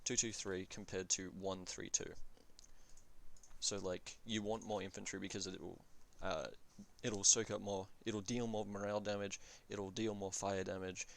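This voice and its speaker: A man's voice: sits low, little pitch movement, normal speed, creaky. A man giving casual commentary on a strategy game, thinking aloud and often correcting himself mid-sentence with fillers. He talks in an offhand, blunt way and swears now and then.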